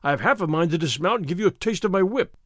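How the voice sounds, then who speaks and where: Brief: narrator doing a swaggering army sergeant, loud and pushy, voice swinging up and down. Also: male voice, sits high, animated, fast, no room sound, studio quality. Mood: bullying. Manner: loud, blustering, threatening. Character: blustering male soldier sergeant, loud and bullying. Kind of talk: audiobook character reading.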